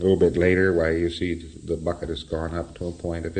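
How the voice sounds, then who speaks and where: A man's voice: low voice, steady tone, brisk, few pauses, darkish tone. A man lecturing in a wry, explanatory way, often chuckling at his own examples. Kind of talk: recorded lecture.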